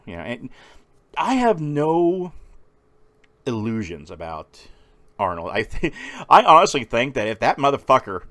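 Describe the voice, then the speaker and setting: A man's voice: medium pitch, wildly swooping pitch, a little slow, long pauses, a bit bright, no room sound. A man talking in a casual, rambling monologue, swearing freely. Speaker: vlogger.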